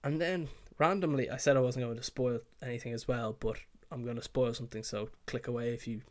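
A man's voice: mid-range voice, steady tone, brisk, a little mellow, no echo. A man hosting his own podcast, rambling casually with lots of fillers and swearing. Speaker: podcast host. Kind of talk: casual solo podcast chat.

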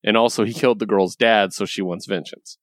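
A man's voice: lowish voice, steady tone, brisk, dry recording, clean studio sound. A young man in casual chat, retelling a comic book story with lots of laughs and casual swearing. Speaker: podcast co-host reviewing comics.

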